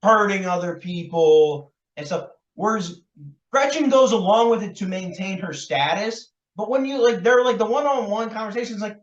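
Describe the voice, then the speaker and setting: A man's voice: sits high, normal speed. A man co-hosting a podcast, chatting loosely about a film with lots of fillers and laughs. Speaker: podcast co-host. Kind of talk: casual chat about a film. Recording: roomy, distant, dull lo-fi sound.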